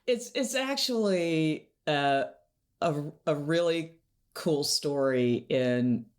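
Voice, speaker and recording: A woman guest in an interview, telling stories in an animated way and laughing often. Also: low-pitched, slow pace. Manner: animated storyteller, laughs often, acts out quotes. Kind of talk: conversational interview storytelling.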